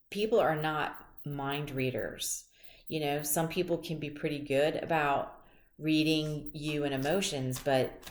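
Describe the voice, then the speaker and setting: Woman tarot reader, low and unhurried, chatty and rambling, in an echoey room. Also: a little hiss or hum. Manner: chatty, rambling, personal storytelling. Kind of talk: casual tarot reading monologue.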